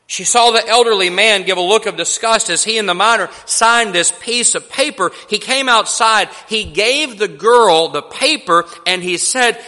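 Slow, bright-voiced male preacher. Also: high voice, big-room sound. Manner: slow, deliberate storytelling with emphatic pauses. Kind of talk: sermon.

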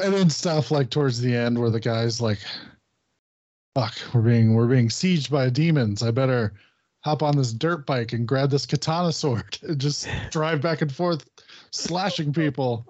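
A man's voice: medium pitch, moderate pace, a little mellow, no room sound. Male podcast co-host, casual rambling storyteller, dry close sound, slightly dull lo-fi audio. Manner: rambling storyteller, swears, acts out friend's lines. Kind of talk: casual chat.

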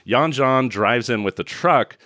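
A man's voice: a little slow, no room sound, clean studio sound. A man co-hosting a podcast, recapping a film with sarcastic asides and frequent laughter. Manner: sarcastic, laughing recaps with animated pitch jumps. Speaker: podcast co-host. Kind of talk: casual movie recap chat.

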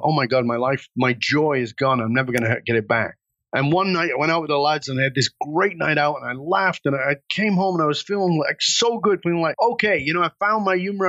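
A man's voice: fairly high pitch, sharp tone, dry recording, muffled recording. A man telling a personal story with intense, dramatic delivery as an interview guest.

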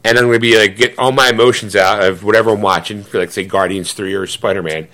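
A man's voice: lowish voice, quick pace. A man co-hosting a podcast, chatting casually and laughing often. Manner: animated, acts out voices of himself and his wife. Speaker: podcast co-host. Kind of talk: casual chat.

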